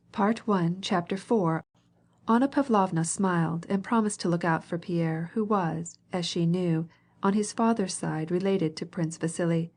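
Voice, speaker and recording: With a lowish voice, a woman narrates a classic novel as an audiobook. Her reading is measured, and she gives each character a gentle voice of its own.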